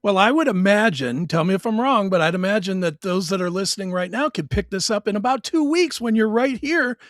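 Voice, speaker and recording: High, lively-voiced easygoing male host. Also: fairly quick, dry recording, studio quality. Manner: easygoing, encouraging, frequent "right on". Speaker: show host. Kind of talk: casual interview hosting.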